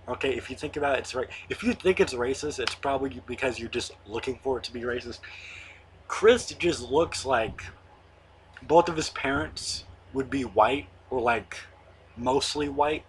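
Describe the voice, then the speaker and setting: A man's voice: mid-range voice, a bit bright, a little hiss or hum. A young man in his late teens hosting his own online show, rambling casually with lots of fillers and the odd swear word. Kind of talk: casual monologue to camera.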